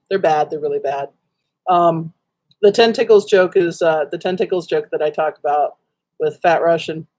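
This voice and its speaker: A livestream host with a warm, fairly low voice chats casually to viewers from her webcam in a dim room at home. She tells a rambling story stuffed with ums and likes.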